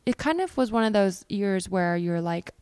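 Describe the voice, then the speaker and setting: A woman's voice: mid-range voice, lively intonation, normal speed, darkish tone, clean tone, dry recording. A chatty woman hosts a podcast. She talks in a mid-range voice, candid and self-deprecating, with plenty of ums. The sound is dry and close to the mic. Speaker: podcast host. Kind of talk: casual podcast chat and clip introductions.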